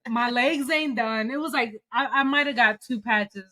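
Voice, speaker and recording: Animated woman storyteller, slightly high voice. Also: moderate pace. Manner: animated storyteller, acts out quotes loudly. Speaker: podcast co-host. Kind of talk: casual chat.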